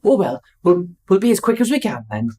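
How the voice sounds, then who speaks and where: A woman's voice: medium pitch, very animated, fairly quick, warm tone, slightly rough. A woman doing a bad Welsh clerk's voice. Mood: apologetic. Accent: Welsh, put on badly. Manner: fussy, apologetic, overly polite. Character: polite male tax office clerk, apologetic.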